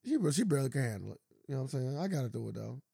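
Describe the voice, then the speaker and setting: A man co-hosting a podcast, chatting casually and acting out stories with lively quoted voices. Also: racing, vocal fry, husky, dry recording, studio quality. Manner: animated storytelling, acting out quotes in high voices. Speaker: podcast co-host. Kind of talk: casual chat.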